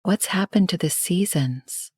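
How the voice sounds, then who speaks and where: Whispered role-play: a woman voicing a gentle, brave storybook girl, a breathy whisper pitched a little higher. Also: a little slow, dry recording. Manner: gentle, soft. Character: kind, brave young girl.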